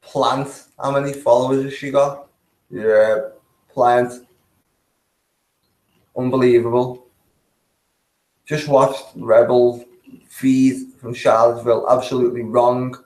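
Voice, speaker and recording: A man's voice: medium pitch, level tone, slow pace, pauses often, darkish tone, echoey room, poor audio. A man giving casual, blunt, sweary commentary while reacting to video clips, laughing often.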